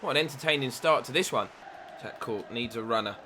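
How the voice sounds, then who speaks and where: A young man giving excitable play-by-play commentary on his own football video game match, with asides about his tactics. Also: mid-range voice, a little fast, background noise. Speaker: gaming YouTuber.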